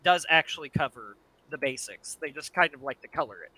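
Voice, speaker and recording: Male co-host, a bit high, bright tone, blunt and sweary. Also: expressive, brisk, low-quality recording. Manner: blunt, swearing, hedging asides. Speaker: podcast co-host. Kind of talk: casual chat.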